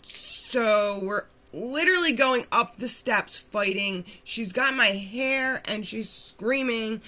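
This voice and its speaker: Young Philly woman, candid vlog storyteller, bright and punchy, blunt and animated. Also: a little high, slow pace, few pauses. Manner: blunt, animated retelling with acted-out quotes and swearing. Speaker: vlogger telling her recovery story.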